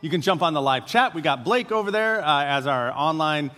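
High-voiced pastor in a reverberant hall. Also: male voice, expressive, brisk, pushed and bright. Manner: conversational, frequent filler uhs. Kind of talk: sermon.

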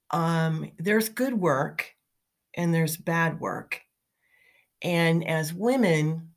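A middle-aged woman talking in a chatty, motivational way, telling anecdotes with fillers and light laughs. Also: deep voice. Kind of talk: casual motivational storytelling.

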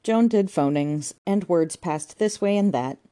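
Low, mellow woman narrating a comic novel. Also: expressive, measured pace. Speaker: audiobook narrator. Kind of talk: reading a comic novel aloud.

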